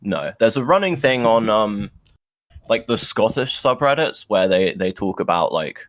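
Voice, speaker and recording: A man's voice: fairly low pitch, expressive, moderate pace, fairly bright tone, dry recording. A young British man co-hosting a podcast, chatting casually and ranting in an opinionated, sardonic, rambling way. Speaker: podcast co-host. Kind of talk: casual chat.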